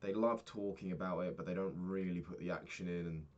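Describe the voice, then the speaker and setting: A man's voice: sits low, steady tone, brisk, a little mellow, dull audio. A young man talking through his day in a candid, rambling diary vlog, swearing freely. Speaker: vlogger.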